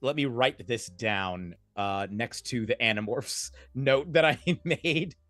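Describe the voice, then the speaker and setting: A man's voice: mid-range voice, slow pace, no echo. A man narrating as game master of a streamed tabletop game, rambling and correcting himself as he goes. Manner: animated, rambling, self-correcting.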